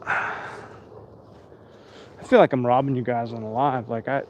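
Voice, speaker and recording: A man's voice: medium pitch, steady tone, unhurried, slight background noise. A tired man hosting a casual live stream outdoors at night, rambling and chatting with his viewers.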